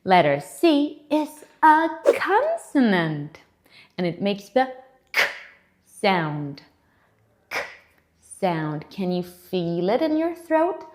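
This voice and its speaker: Woman, children's English teacher, very slow pace, animated pitch, clearly sounded-out letters, encouraging. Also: a little hiss or hum. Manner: encouraging, repeats and invites kids to join in. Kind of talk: children's phonics lesson.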